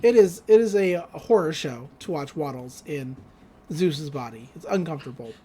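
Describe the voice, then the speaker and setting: A woman's voice: sits low, expressive, moderate pace, mellow, slightly rough. A woman co-hosting a podcast, casually recapping a cartoon episode with wry asides and frequent laughter. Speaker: podcast co-host.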